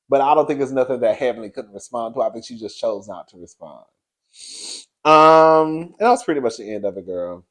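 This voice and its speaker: A man giving casual commentary on a reality show, sassy and frank, laughing often, with big swoops in pitch. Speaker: reality TV reviewer.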